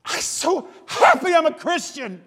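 A man preacher mimicking an excitable grown man who gushes in a high, loud voice. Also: a little fast, creaky, husky, exaggerated voice. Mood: gushing. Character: overjoyed, excitable grown man gushing loudly. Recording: long reverb of a large hall.

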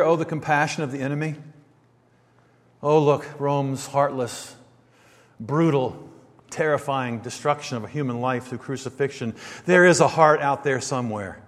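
Male preacher, slightly high voice, swings quiet to emphatic, big hall reverb. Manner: builds from quiet reflection to loud emphatic stresses. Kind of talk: sermon.

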